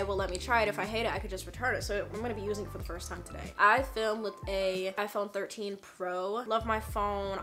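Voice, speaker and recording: A young woman in her twenties chatting casually to camera in a home vlog, playful and animated. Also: medium pitch. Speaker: content creator. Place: home rooms, indoors. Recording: echoey room.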